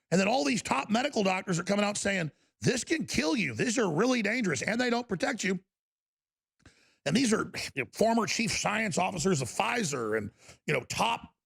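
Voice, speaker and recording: A man's voice: sits high, fairly bright tone. A male talk show host delivering a fervent, ranting radio monologue with mocking asides. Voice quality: gravelly.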